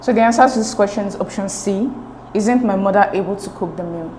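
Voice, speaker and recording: A woman's voice: mid-range voice, fairly quick, a little mellow, echoey room, a little hiss or hum, rough recording. A woman tutoring an English exam lesson, explaining each answer step by step and checking in with "okay?" as she goes. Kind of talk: recorded exam-prep lesson.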